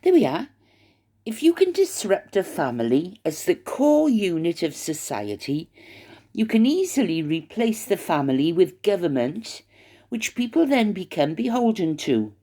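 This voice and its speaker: Rambling older woman, lowish voice. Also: big pitch swings, unhurried, dark tone. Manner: rambling, gossipy, hesitant with fillers. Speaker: YouTuber. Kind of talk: casual chat to camera. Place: retirement home, indoors.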